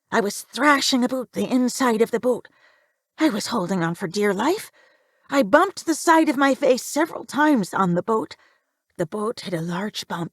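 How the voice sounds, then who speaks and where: A woman's voice: mid-range voice, breathy edge, dry recording, clean studio sound. A woman narrating a first-person horror story, reading it with tense, emphatic delivery.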